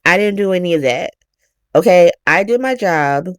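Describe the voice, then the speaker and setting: A woman's voice: on the low side, lively intonation, normal speed, clear, resonant tone, no echo, clean studio sound, lightly acted. A woman voicing a young female reporter, speaking in a sassy, dismissive way. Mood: defiant.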